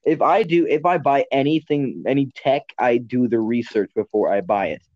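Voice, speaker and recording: A man's voice: mid-range voice, normal speed, a little mellow, dry recording. A man hosting a casual podcast chat, rambling and blunt, often correcting himself mid-sentence. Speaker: podcast host. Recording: dull lo-fi sound.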